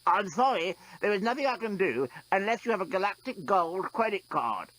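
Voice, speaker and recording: A man's voice: high voice, very animated, moderate pace, fairly bright tone, pitched above the performer's own voice, rough recording. A man doing a fussy robot desk clerk. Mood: prim. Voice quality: strangled simulated voice. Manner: prim, officious, squeals when handled. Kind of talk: audiobook character voice.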